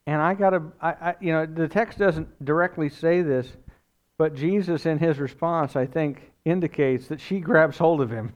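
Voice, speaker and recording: A man's voice: on the high side, normal speed. Resonant, conversational male preacher. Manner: conversational, animated storytelling with asides. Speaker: pastor. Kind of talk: sermon.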